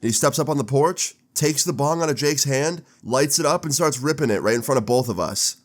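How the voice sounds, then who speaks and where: A young man in his twenties telling a casual storytime, animated and swearing with laid-back slang. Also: medium pitch, a little fast. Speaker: storytime vlogger.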